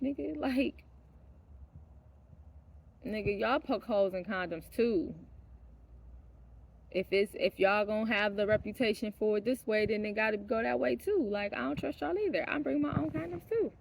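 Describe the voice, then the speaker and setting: A woman vlogger tells a personal story in a casual, blunt, profane monologue, sinking into hushed asides and then rising into heated outbursts, laughing now and then, even mid-sentence. Her voice is mid-range and husky with vocal fry, at a moderate pace.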